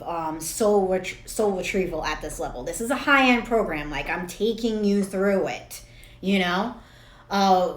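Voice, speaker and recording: A woman in her thirties, a spiritual coach talking straight to camera in a casual, rambling way, swearing freely and laughing at herself. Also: mid-range voice. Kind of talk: casual direct-to-camera monologue. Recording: echoey room.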